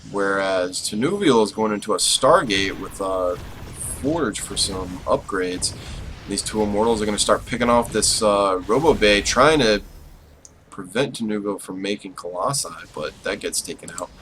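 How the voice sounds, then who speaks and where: A man giving casual, self-deprecating play-by-play commentary on a strategy game, with bursts of excitement when the fighting heats up. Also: on the low side, normal speed, a little hiss or hum, poor audio. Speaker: esports caster.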